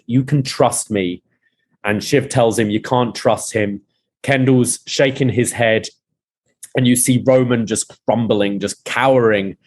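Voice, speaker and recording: Man retelling a TV scene with animation. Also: mid-range voice. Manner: retells scenes, reading out dialogue with rising emphasis. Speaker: podcast host. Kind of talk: casual recap of a TV episode.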